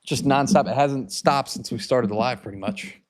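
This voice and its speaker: A man's voice: mid-range voice, moderate pace. A man hosting a whiskey livestream from his home, chatting loosely and joking as he walks to his garage holding his phone. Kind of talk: casual livestream chat. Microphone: handheld phone.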